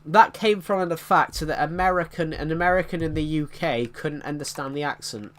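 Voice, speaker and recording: A man's voice: on the high side, moderate pace, a bit bright. A British man in his twenties chatting casually with viewers while streaming a game, rambling as he answers their comments. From Britain. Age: 20s. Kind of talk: casual live-stream chat while gaming.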